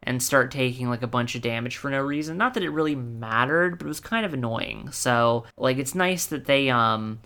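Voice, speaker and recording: A podcast co-host chatting casually at a medium pitch. The talk is animated and full of "like" and restarts. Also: normal speed, few pauses. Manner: animated, heavy use of "like".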